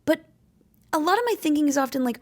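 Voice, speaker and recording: A woman's voice: high-pitched, animated, fast talker. A young adult woman vlogger giving candid, blunt advice on living with chronic illness, swearing freely and stressing her points. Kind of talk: candid talking-to-camera advice.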